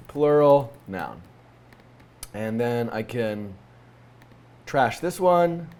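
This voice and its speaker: A man with a slightly high, scratchy voice from a cold talks through a coding tutorial. He thinks aloud as he works, with many fillers and restarts. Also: darkish tone.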